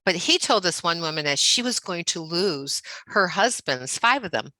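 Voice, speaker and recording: An older woman telling a story as a podcast guest, chatty and animated, acting out what people said with lots of fillers. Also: lowish voice, moderate pace, no room sound, poor audio. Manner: chatty, animated, acts out quoted dialogue, many fillers. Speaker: guest author. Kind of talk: storytelling anecdote in a podcast interview.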